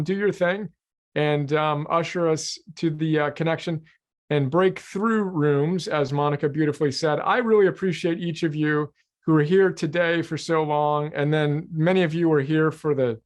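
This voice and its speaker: Effusive male host of an online group chat, voice on the higher side. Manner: effusive, warm sign-offs.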